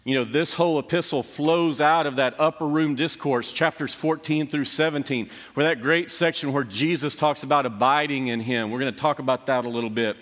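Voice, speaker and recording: A man's voice: mid-range voice, brisk, hardly any pauses, a bit bright. Middle-aged male preacher in a reverberant hall. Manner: conversational storytelling, self-deprecating humor. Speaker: pastor. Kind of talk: sermon. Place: church sanctuary. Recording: long reverb of a church hall.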